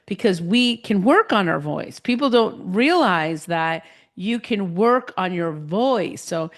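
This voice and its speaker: A woman's voice: medium pitch, slow pace. Chatty podcast host woman, New Jersey accent. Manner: chatty, animated storytelling. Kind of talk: casual chat.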